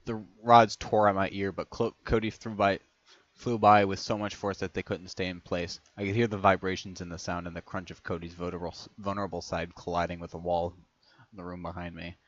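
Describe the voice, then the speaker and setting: A man reading a first-person story aloud in a casual way, often stumbling on words, restarting them and clearing his throat. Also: sits low, little pitch movement, fairly quick, no echo. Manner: reads in first person, stumbles and restarts on words, breaks into long fits of laughter. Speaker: reader of fan fiction. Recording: dry, slightly dull home recording.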